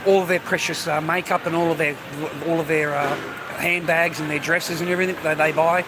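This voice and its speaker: Aussie guy live streaming from the street, bit higher voice, traffic noise behind, keeps saying mate. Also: flat delivery, a little fast. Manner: chatty, says "mate" often. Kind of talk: casual live-stream chat.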